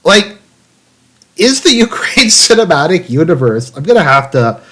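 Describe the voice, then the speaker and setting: A man's voice: fairly high pitch, very animated, moderate pace, fairly bright tone. A man streaming live commentary, reading an article aloud in a raised, mock-dramatic tone and cutting in with dry, profane, sarcastic asides full of fillers. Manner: profane, rambling, many fillers.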